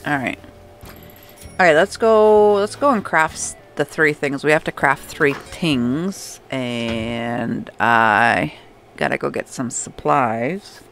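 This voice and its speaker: A woman's voice: a bass voice, slow, fairly bright tone. A young adult woman casually commenting on her gameplay, chatting to game characters and laughing often. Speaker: gameplay streamer. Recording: faint background music.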